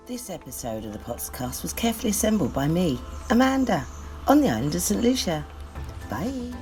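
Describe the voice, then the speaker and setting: A woman's voice: mid-range voice, warm tone, poor audio. A woman potter narrating her own pottery vlog in a chatty, playful way, dropping jokey asides as she goes. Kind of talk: casual vlog voice-over narration. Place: Saint Lucia.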